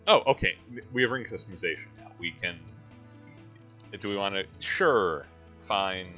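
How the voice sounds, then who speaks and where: A man's voice: low voice, animated, normal speed, pushed and bright, soft background music. A man hosting a let's play, giving casual gameplay commentary with wry, joking asides.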